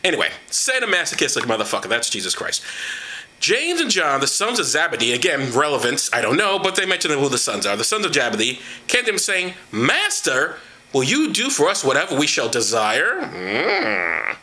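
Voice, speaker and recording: A man's voice: medium pitch, wildly swooping pitch, normal speed, pushed and bright. A man reading the Bible aloud as comedy, with profane, mocking commentary and put-on voices for the quoted lines, gesturing as he goes. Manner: gesturing while reading, knocks things over.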